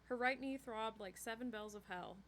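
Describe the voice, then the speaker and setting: A woman reading a novel chapter aloud in a steady storytelling way. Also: on the high side, moderate pace, a little hiss or hum. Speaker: book reader.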